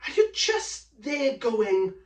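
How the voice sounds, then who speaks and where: A woman giving a book review in a casual vlog, gushing and animated with lots of "like" fillers. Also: on the high side, slow. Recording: roomy, from a distance from the mic.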